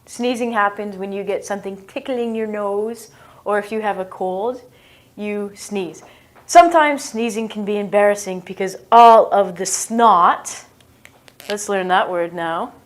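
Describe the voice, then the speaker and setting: A woman teaching English in a loose, joking way, acting out bodily noises as she explains them. She speaks slowly and takes her time with each word. Her pitch sits in an ordinary middle range. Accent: British or American English. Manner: playful, self-mocking, acts out sounds. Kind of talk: casual English slang lesson.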